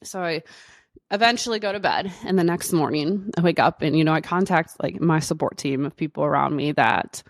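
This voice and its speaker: A woman's voice: low voice, brisk, no echo, clean studio sound. A woman doctor hosting her own podcast, telling a personal story in a chatty way with lots of fillers. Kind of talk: casual solo podcast storytelling.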